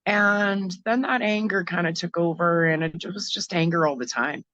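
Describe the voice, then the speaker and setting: A woman from Canada, a guest in an interview, telling a hard personal story in a frank, halting way with many fillers and restarts. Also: on the low side, a bit bright, no echo, highs cut off.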